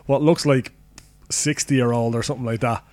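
A man's voice: medium pitch, fairly even intonation, moderate pace, a little mellow, dry recording. Rambling, jokey Irish man. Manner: jokey, rambling, laughs often. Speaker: podcast co-host. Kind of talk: casual banter.

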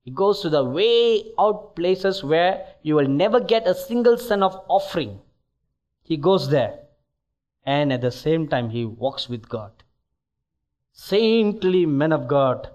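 A male preacher giving a sermon in a church, slow and deliberate. His voice sits high and swings widely as he presses each point home. The delivery is emphatic and exhortative. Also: sing-song, a little mellow.

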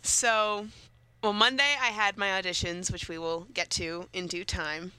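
A young woman co-hosting a casual chat show, talkative and quick to laugh, often restarting her sentences. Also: on the low side, fairly even intonation, pushed and bright, clean tone, dry recording. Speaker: co-host.

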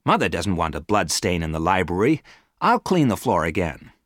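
A man voicing a confident, eager young man who talks high and boastfully. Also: big pitch swings, moderate pace, fairly bright tone, no room sound, studio quality, heavily acted.

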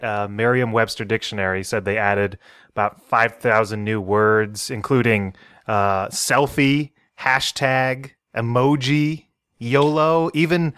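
A man's voice: medium pitch, a bit bright, clean tone. A man hosting a podcast interview, laughing often and telling stories animatedly. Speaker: podcast host. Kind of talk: casual interview chat.

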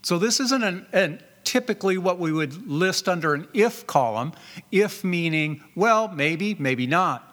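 A man's voice: high-pitched, lively intonation, measured pace, fairly bright tone. A male pastor preaching a sermon, posing rhetorical questions, repeating key words for emphasis and reading scripture aloud. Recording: reverberant church hall.

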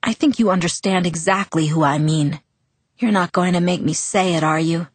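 A woman's voice: fairly low pitch, normal speed, husky, no room sound. A woman reading the lines of a sullen, angry teenage boy, curt and tense. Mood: bitter.

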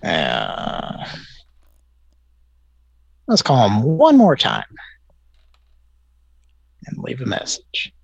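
A man with a middle-pitched voice hosts a loose comedy chat in a laid-back, deadpan way. He rambles through his stories. The recording is close and dry. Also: extremely slow, gravelly, pauses often, husky, dry recording, dull audio. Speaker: podcast host.

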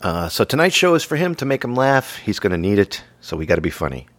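A man's voice: lowish voice, big pitch swings, quick pace, dry recording. A man hosting a podcast, bantering and joking with his co-host. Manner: jokey and playful.

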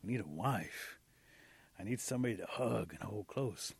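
A gentle old male possum healer speaks in a soft, plaintive, husky voice, put on by a man telling the tale. He sounds kind and a little lonely. The voice stays close to an ordinary male speaking register. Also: on the low side, animated, normal speed, no echo, exaggerated voice.

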